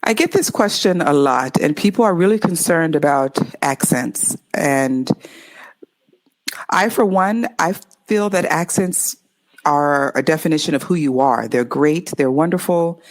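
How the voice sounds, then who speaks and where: Upbeat Californian woman, low voice. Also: a little slow. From Los Angeles, USA. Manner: upbeat and expressive, clear enunciation. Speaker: English tutor. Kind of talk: interview answers.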